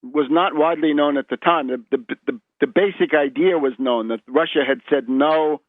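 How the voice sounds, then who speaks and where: A man speaks over a tinny phone line with a fairly high, dry voice. He lectures as a radio interview guest, often repeating the first words of a phrase and checking in with "right?". His delivery sounds close and unreverberant. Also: moderate pace, no room sound. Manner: lecturing, with frequent word restarts and tag "right?". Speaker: guest historian.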